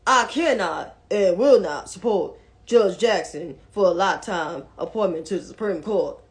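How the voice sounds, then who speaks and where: A woman's voice: lowish voice, normal speed, pitched below the performer's own voice, lightly acted. A woman putting on an impression of an elderly male senator who mumbles his words indistinctly. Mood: stiff.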